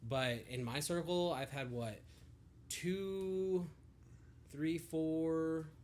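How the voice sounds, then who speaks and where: A man's voice: fairly high pitch, drawn-out words. A young man co-hosting a podcast, chatting casually and swearing freely, often laughing. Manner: relaxed, profane, laughs often. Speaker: podcast co-host. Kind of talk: casual chat.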